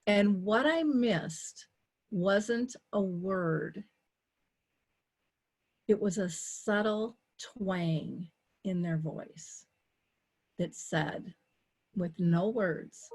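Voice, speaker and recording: A woman in a conversational interview, telling her story with energy. She acts out her own quoted thoughts and switches between rapid asides and slow, weighty emphasis. Her pitch sits in an ordinary middle range. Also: a little mellow, slightly rough. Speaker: dementia care advocate and talk show host, here as a guest.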